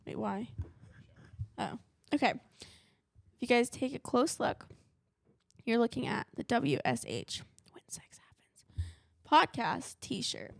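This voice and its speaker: A woman's voice: fairly high pitch, sing-song, slow, creaky, long pauses, no room sound, clean studio sound. Giggly young woman with a fried edge. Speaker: podcast co-host. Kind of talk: casual chat.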